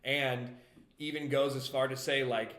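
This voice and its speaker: A man's voice: medium pitch, flat delivery, unhurried, fairly bright tone, reverberant. A young man co-hosting a podcast, talking casually and loosely about a TV show with frequent restarts. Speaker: podcast co-host. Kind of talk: casual chat reviewing a TV show.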